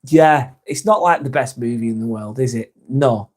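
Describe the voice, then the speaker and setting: A man's voice: mid-range voice, normal speed, darkish tone. A man hosting a casual live vlog, reading viewer comments aloud and chatting with them, swearing casually. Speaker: live stream host reading chat.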